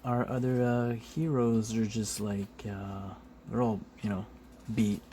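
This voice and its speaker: A man's fairly low voice, with faint background noise, carries this easygoing flip-through of a comic book on camera. Chuckling throughout, he pads pauses with "uh," swears in a relaxed way, and performs short character quotes.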